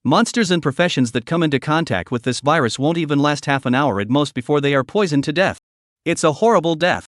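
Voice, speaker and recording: A man narrating a scripted story recap in a steady, even reading voice. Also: on the high side, brisk, dry recording, studio quality.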